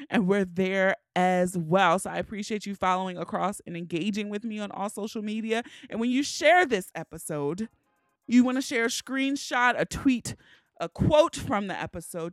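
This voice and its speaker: A woman's voice: mid-range voice, fairly bright tone, no echo, studio quality. A woman with a Baltimore accent hosting her podcast, chatty and frank, laughing often. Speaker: podcast host. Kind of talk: casual podcast chat.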